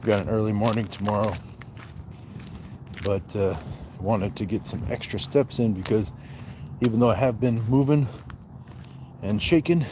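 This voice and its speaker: A man's voice: lowish voice, normal speed, pauses often, noisy background. A man hosting a casual live stream from his phone while walking outdoors at night, reading viewer comments aloud and chatting back. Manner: relaxed, reads viewer comments aloud and answers them. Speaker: livestream host. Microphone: handheld phone.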